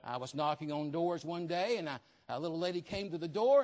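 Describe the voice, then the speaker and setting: A man with a noticeably high voice delivers a fervent sermon as a visiting preacher. He builds his points by repeating key phrases and lands them with conviction. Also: fairly quick, few pauses, a little mellow.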